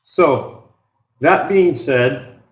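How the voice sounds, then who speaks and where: Slow-speaking American man from Oregon. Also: mid-range voice, echoey room, poor audio. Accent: Pacific Northwest American. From Oregon, United States. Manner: slow, plain, unhurried with many ums. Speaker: business English trainer. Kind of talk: online trial lesson.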